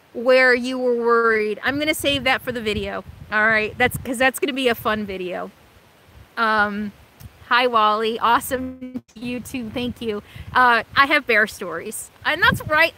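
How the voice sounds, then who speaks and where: Bright high-voiced woman chatting on a live stream. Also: rough recording. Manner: rambling, emotional, with many fillers and restarts. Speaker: vlogger hosting a live stream. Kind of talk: casual live-stream chat reading viewer comments. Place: RV camp in Alaska.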